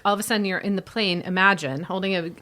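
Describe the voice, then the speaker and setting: A woman co-hosting a comedy podcast who spins absurd bits in a deadpan, matter-of-fact way. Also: medium pitch, fast. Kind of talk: casual comedy chat.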